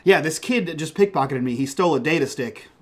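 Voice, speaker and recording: A man's voice: a little high, lively intonation, brisk. A man playing his character in a tabletop role-playing game, questioning and bargaining. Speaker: player.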